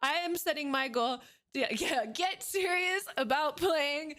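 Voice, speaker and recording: A woman in her thirties talks straight into her desk microphone during a casual livestream. Her voice sits high, and she sounds excited and animated throughout, swearing freely as she chats. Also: measured pace. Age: 30s.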